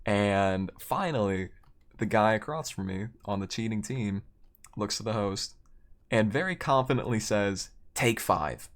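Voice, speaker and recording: A man's voice: lowish voice, a little slow. A man streaming a game and telling a long story in a loose, rambling way, correcting himself often and chuckling between lines. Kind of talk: casual storytelling while gaming.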